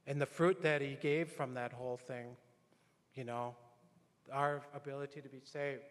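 A man's voice: medium pitch, fairly even intonation, moderate pace, a bit bright. A middle-aged man preaching a conversational sermon in a church, telling anecdotes and acting out quotes. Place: church sanctuary. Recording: long hall reverb.

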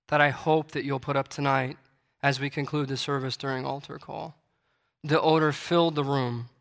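This sermon comes from a man with a medium-pitched, pushed and bright voice. He reads King James scripture aloud and preaches with mounting intensity, repeating his declarations emphatically, while the sanctuary adds a long hall reverb.

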